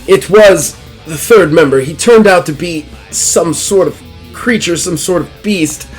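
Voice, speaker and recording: A man voicing a pious, commanding high church leader who speaks in formal, measured pronouncements. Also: breathy edge, faint music behind, poor audio. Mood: solemn.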